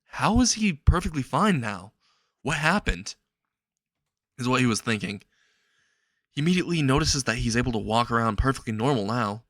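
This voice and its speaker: A man improvising the narration of a fan-fiction story, in a halting, repetitive way with frequent restarts. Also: mid-range voice, animated, fairly bright tone, dry recording.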